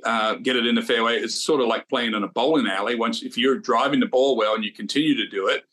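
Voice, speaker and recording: A man's voice: medium pitch, bright, forceful tone. A man co-hosting a casual golf betting podcast, rambling and repeating himself as he talks to his co-host. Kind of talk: casual sports betting chat.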